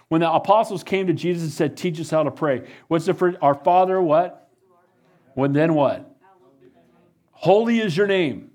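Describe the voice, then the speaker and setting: A man's voice: on the high side, a little mellow. Fervent man preaching a sermon. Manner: preaches with rising, fervent emphasis and repeated "Amen?". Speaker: pastor.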